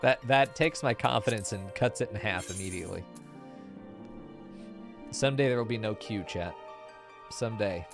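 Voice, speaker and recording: A man's voice: fairly low pitch, normal speed, gravelly, pauses often. A man streaming a game, joking and swearing freely as he chats with his viewers. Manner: profane, joking, talks to chat. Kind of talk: casual live-stream chatter. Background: game music.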